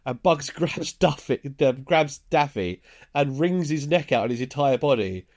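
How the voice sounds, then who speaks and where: A man's voice: on the high side, animated, unhurried, darkish tone. A man, casually recounting a film's plot scene by scene on a podcast, chuckling as he goes. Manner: laid-back storytelling, chuckles while recounting scenes. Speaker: podcast co-host. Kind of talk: casual film recap.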